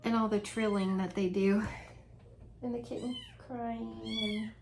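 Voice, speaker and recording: A woman's voice: fairly high pitch, fairly even intonation, unhurried, gravelly, noisy background. A woman vlogging from home in a casual, chatty, rambling way, laughing often as she talks. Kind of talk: casual chat.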